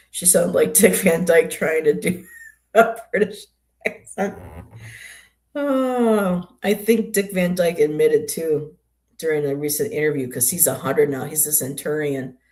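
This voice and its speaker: A woman's voice: low voice, unhurried, a little mellow. An older woman hosting a tarot livestream, chatting casually and greeting viewers by name.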